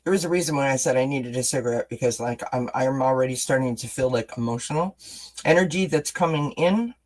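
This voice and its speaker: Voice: mid-range voice, fairly quick, a little mellow, rough recording. Chatty encouraging tarot reader on a livestream. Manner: chatty, encouraging, responds to chat comments; self-deprecating asides. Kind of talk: live-streamed tarot reading, casual chat.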